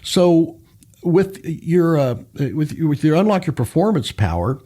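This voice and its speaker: Man, radio host, interviewer, halting questions, mellow tone, slightly husky. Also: fairly high pitch, big pitch swings. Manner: hesitant, many fillers and restarts.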